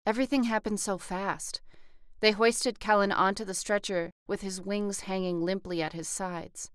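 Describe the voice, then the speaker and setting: A woman reads a first-person story aloud as an audiobook narrator. Her voice is smooth and resonant at a middle pitch, recorded dry and close with no room sound. She voices the dialogue with lifts in pitch and loudness. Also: steady tone, moderate pace, dry recording.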